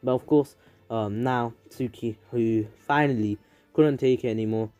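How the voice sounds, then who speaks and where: A man's voice: mid-range voice, steady tone, normal speed, dark tone, no room sound. A man casually narrating a fan story, rambling with many fillers and restarts.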